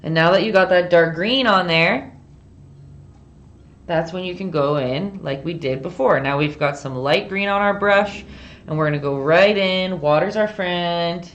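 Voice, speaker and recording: A woman's voice: lowish voice, unhurried, highs cut off. A young Canadian woman with a Canadian accent, chatting and laughing while she teaches a painting lesson on a live stream and reads viewer comments aloud. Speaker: painting instructor.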